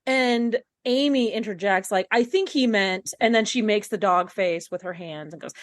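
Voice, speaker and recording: A woman's voice: medium pitch, unhurried. A woman co-hosting a podcast, recapping a TV episode in casual chat, blunt and indignant, with some swearing. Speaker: podcast co-host.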